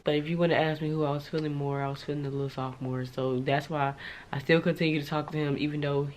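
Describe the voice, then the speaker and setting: A young woman, telling a casual storytime to her camera, with animated swings between loud outbursts and hushed asides. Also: deep voice, fast, a little hiss or hum. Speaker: vlogger.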